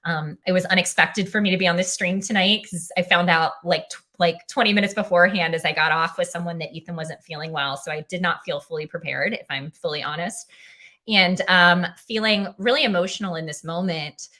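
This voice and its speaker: A woman's voice: fairly low pitch, steady tone, fairly quick, bright, forceful tone. A young woman filling in as a livestream host, tired and emotional, heartfelt, saying "um" often and reading viewer comments aloud. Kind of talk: casual livestream chat.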